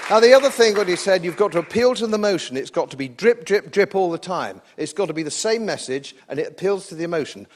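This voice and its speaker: With a high-pitched, expressive voice, an English-accented man delivers a live political speech at a public event, speaking quickly with few pauses while a faint crowd is audible. He is combative and sardonic, driving his points home by repeating phrases.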